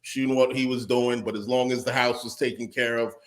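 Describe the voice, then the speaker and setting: Male panelist, swearing, ranting with mock outrage, mid-pitched. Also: level tone, brisk. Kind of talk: casual chat.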